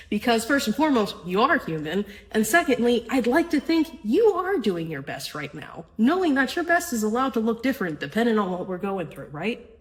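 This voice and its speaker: On a low-quality recording, a podcast host with a somewhat high voice talks about spiritual self-help. She's earnest yet relaxed, frequently asking "right?" and now and then letting a curse slip.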